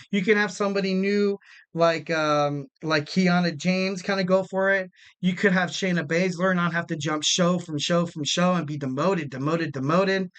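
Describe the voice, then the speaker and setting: A man's voice: high-pitched, fairly bright tone, clear, resonant tone. A man in his twenties hosting a wrestling podcast in a casual, rambling way, often repeating phrases for emphasis. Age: 20s.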